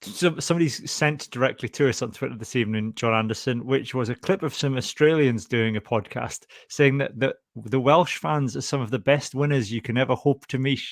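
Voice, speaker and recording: A Scottish man hosts a podcast, chatting in a jokey, rambling way with plenty of restarts. His voice sits at an ordinary middle pitch. The sound is dry and close, with no room around it. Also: fairly quick, few pauses, no room sound. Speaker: podcast host. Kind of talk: casual chat.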